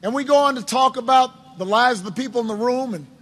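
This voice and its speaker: A man's voice: very high-pitched, fast talker, fairly bright tone. A man giving a campaign speech to supporters, telling a long story with wry asides and frequent self-repeats. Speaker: politician addressing supporters. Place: indoors at a campaign office.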